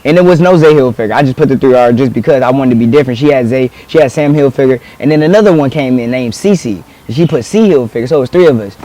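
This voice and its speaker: A man's voice: mid-range voice, quick pace, few pauses, rough recording. A teenage American man telling stories in casual chat, acting out quotes with laughs. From United States. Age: teens. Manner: animated, acts out quotes with laughs. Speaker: guest artist. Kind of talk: casual storytelling.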